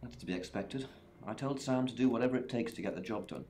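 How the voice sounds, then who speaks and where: A man's voice: mid-range voice, fast, warm tone, slight background noise, lightly acted. An actor playing a brusque male police chief in a video game, curt and commanding.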